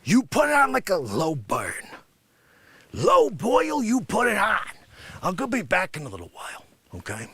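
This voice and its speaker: A man voicing a brash loudmouth at a coffee counter, blustering and switching between muttering and shouting. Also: sits high, wildly swooping pitch, normal speed, breathy edge, dry recording, exaggerated voice.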